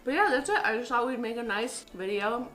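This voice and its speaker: Excitable, swearing young woman vlogging. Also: on the high side, a little fast. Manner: excitable and profane, swings from loud outbursts to mumbling. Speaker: vlog host. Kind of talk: casual cooking vlog chat. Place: home kitchen. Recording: roomy kitchen with music behind.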